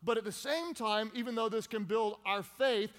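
Male pastor, high voice, animated storytelling, big echoing church hall. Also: normal speed. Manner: animated storytelling with acted-out shouts. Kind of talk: sermon. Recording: long reverb of a large hall.

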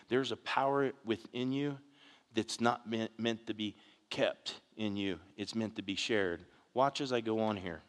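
A man preaching a conversational sermon as a pastor, telling a story earnestly with frequent restarts. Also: on the low side. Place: church sanctuary. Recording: long hall reverb.

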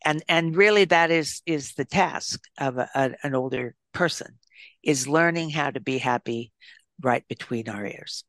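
An older woman, an author and psychologist, speaking as a guest in an interview, reflecting and telling stories with gentle restarts. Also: low-pitched, a little slow, dry recording, studio quality. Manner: thoughtful storyteller with gentle restarts.

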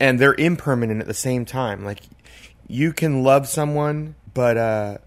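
A man in casual podcast chat, talking in a reflective, rambling way with many "like" and "you know" fillers. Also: mid-range voice. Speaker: podcast co-host.

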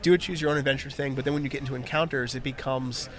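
A young man hosting casual interviews at a convention, chatty and quick to laugh. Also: medium pitch. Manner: chatty, laughs easily, animated. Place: convention floor.

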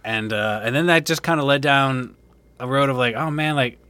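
Dude on a comedy podcast, bright sharp voice, dry mic, playful storytelling. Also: male voice, medium pitch, normal speed, no room sound. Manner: playful, storytelling, laughs along. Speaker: podcast co-host. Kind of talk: casual comedic podcast chat.

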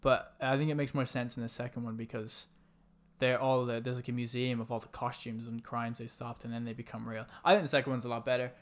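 A podcast co-host chatting casually about films, animated and often breaking into laughter while telling stories. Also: mid-range voice, fast.

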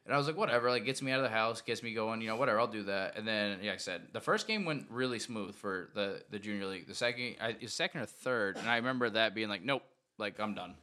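A man's voice: lowish voice, quick pace, few pauses, bright, forceful tone. A man co-hosting a sports podcast, rambling through a casual story full of "like" and "dude". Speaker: podcast co-host. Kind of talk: casual chat.

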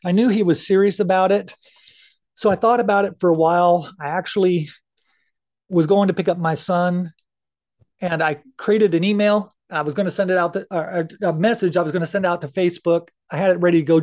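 High-voiced earnest middle-aged man. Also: a little fast, a little mellow. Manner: earnest, candid, swears casually. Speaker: podcast guest. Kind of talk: casual interview talk.

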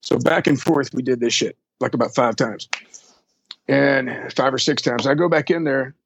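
A man's voice: mid-range voice, moderate pace, gravelly, slightly rough, dry recording, highs cut off. A man, a drum tech, telling rambling, profane stories in a casual interview and acting out the people he quotes. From Texas.

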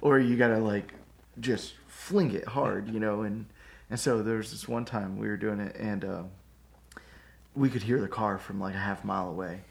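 A man co-hosting a church podcast, chatting casually and telling animated stories. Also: fairly low pitch, normal speed, gravelly. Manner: animated storyteller. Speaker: podcast co-host. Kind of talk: casual chat.

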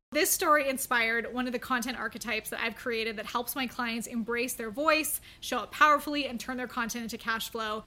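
Young female coach, high bright voice, chatty storyteller, wry, laughs a lot. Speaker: content coach. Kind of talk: storytelling to camera.

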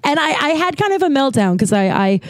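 A woman in her forties hosting a podcast, telling stories in a chatty, profane way while hoarse from losing her voice. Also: high voice, big pitch swings, a little fast, dry recording. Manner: chatty and profane, acts out quoted people. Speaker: podcast host. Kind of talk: casual storytelling monologue.

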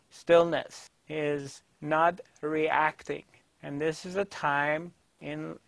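Creaky-voiced man telling a calm spiritual story. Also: a little high, dry recording. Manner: calm, halting, with many fillers. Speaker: spiritual teacher.

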